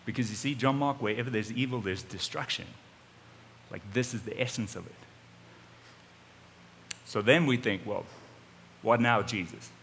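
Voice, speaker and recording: A man preaching, retelling a story in the first person in an animated way, with sudden swings in loudness. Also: mid-range voice, normal speed, long pauses, a little hiss or hum. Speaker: pastor. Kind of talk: storytelling sermon. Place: church auditorium.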